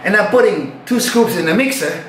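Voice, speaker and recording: A man's voice: high-pitched, expressive, brisk, fairly bright tone, a little hiss or hum. An older man telling a story about his past in casual, profane speech, acting out his own reactions. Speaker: retired bodybuilder. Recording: roomy echo.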